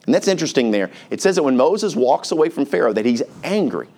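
A man's voice: medium pitch, sing-song, fast, darkish tone. A male pastor preaching a sermon in an earnest, conversational way, reading scripture aloud.

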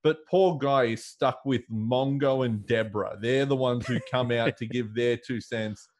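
A man's voice: mid-range voice, steady tone, unhurried, a little mellow. Man, podcast co-host, casual chat, joking, laughing asides.

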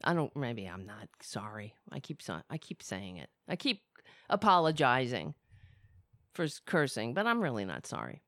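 A woman's voice: extremely low pitch, very animated, moderate pace, dry recording, studio quality. A woman hosting a live political commentary stream, sarcastic and profane.

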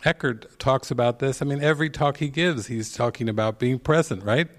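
A man speaking as a spiritual teacher at a retreat, telling stories, asking pointed questions and chuckling at his own points. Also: mid-range voice. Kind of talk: retreat talk.

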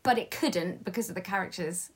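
A woman's voice: on the low side, a little fast. A woman talks over a film in easy conversation. She hunts for the right word, backtracks and corrects herself as she goes. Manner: searching for words, self-correcting. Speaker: film reviewer. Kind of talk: casual film discussion.

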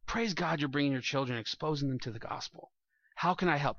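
A high, bright-toned young man delivers a sermon to his congregation as their pastor. He speaks earnestly and plainly, often restarting his phrases. The sound is dry and close, a little dull. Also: fairly quick, no echo. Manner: earnest, plain-spoken preaching with repeated restarts.

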